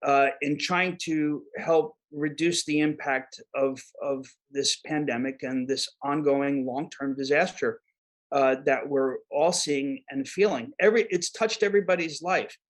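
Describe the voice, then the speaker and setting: A man with a New York accent speaks as a guest expert in an interview. His voice sits a little high for a man. He talks in a halting way, full of fillers and repeated words. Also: steady tone, rough recording. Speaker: guest expert on disaster preparedness. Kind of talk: conversational interview answers.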